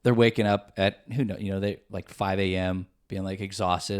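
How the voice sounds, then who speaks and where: A man's voice: on the low side, flat delivery, fairly quick, hardly any pauses, clean tone. A young man from the Midwest US, co-hosting a podcast in easygoing casual chat with many fillers. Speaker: podcast co-host.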